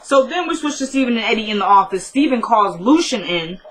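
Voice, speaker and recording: A woman's voice: on the high side, animated, fairly quick, a bit bright, poor audio. A woman casually recapping a TV episode in a chatty, conversational storytelling manner. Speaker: show recap host.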